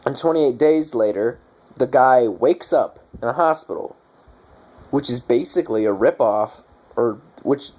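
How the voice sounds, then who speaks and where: A man's voice: fairly low pitch, warm tone. A young man giving a casual movie review, ranting in a profane, exasperated way.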